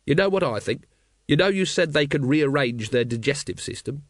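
A man voicing a bitter, weary male watch captain who speaks gruffly and dryly, in an audiobook reading. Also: a little high, animated, normal speed, dry recording. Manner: gruff, dry.

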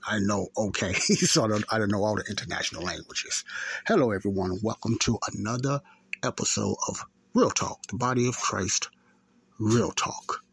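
Low gravelly man in his fifties. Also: fairly bright tone, dry recording. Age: 50s. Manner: rambling, repetitive, self-correcting. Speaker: podcast host. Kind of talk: casual talk and storytelling.

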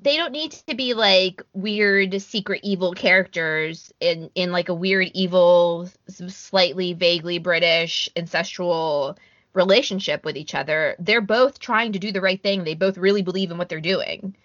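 Bright-voiced, chatty woman podcaster. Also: fairly low pitch, normal speed, dry recording. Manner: animated, chatty, lots of fillers and restarts. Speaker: podcast co-host. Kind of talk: casual chat. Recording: dry, slightly dull lo-fi audio.

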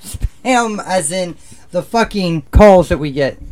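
A man's voice: high-pitched, expressive, slow pace, darkish tone. A man co-hosting a podcast, joking around and laughing often in casual chat. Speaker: podcast co-host.

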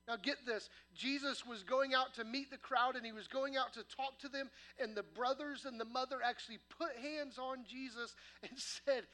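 High bright-voiced pastor preaching. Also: male voice, steady tone, normal speed. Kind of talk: sermon. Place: church sanctuary.

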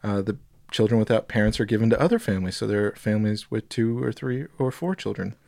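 A man co-hosting a podcast, reading a text aloud in a steady, amused but composed way. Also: lowish voice, quick pace, gravelly, no echo, studio quality. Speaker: podcast co-host.

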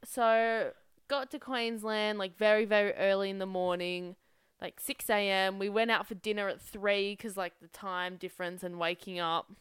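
Chatty young woman, very clear voice. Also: mid-range voice, fairly even intonation, normal speed, no room sound, studio quality. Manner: chatty storyteller, lots of "like", swears freely. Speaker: podcast co-host. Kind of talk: casual chat.

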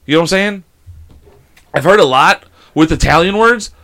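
A man's voice: a little high, moderate pace, bright, forceful tone. A young man co-hosting a casual podcast, telling rambling stories full of swearing and impressions of his friends. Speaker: podcast co-host. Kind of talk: casual chat, storytelling.

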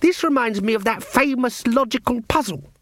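A man doing a fussy, high-voiced young wizard. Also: expressive, moderate pace, no room sound. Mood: earnest. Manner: high, eager, exasperated.

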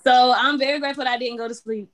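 A woman guest on a video-call podcast, talking casually and sounding a bit sleepy. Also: high voice. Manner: relaxed, sleepy, talks fast.

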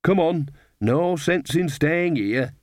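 A man's voice: fairly high pitch, lively intonation, slow pace, no echo, clean studio sound, pitched above the performer's own voice. A man voicing a cheerful, gossipy old village witch in an audiobook, chatty and homely. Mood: breezy. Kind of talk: audiobook character voice.

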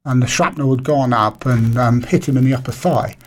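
A man's voice: mid-range voice, fairly even intonation, a little fast. A middle-aged man from Britain, a radio show guest, talking casually with many fillers and restarts.

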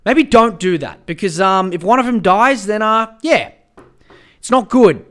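A man's voice: high-pitched, expressive, measured pace, fairly bright tone. A young Australian man hosting a podcast, ranting in a casual, profane and exasperated way, often repeating himself. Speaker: podcast host.

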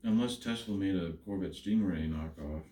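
A man joining a casual movie chat, insistent and quick to correct the others. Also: sits low, dark tone. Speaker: guest. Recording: roomy, distant mic, faint hiss.

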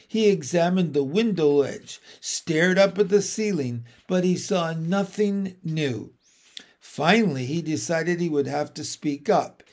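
A man reads a children's story aloud with gentle, unhurried storytelling. His voice sits a little high and carries a gravelly rasp, and he takes his time over every line. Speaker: narrator. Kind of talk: children's audiobook narration.

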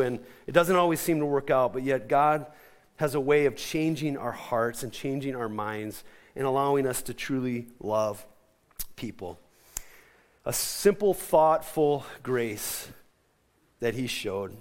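A middle-aged male pastor preaching a sermon, telling a lively story with asides and questions to the congregation. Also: on the high side, normal speed.

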